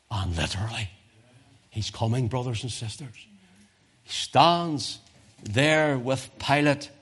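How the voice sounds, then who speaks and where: Dramatic preacher man, big loud swings. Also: medium pitch, husky. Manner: dramatic swings from loud crescendo to hushed near-whisper; emphatic, repeating phrases for effect. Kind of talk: sermon.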